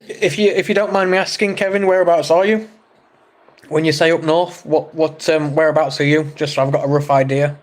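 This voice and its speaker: A man's voice: fairly high pitch, steady tone, brisk. A man from England hosting a casual livestream, reading chat comments aloud and joking with viewers. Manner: chatty, joking, reacts to chat messages. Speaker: livestream host.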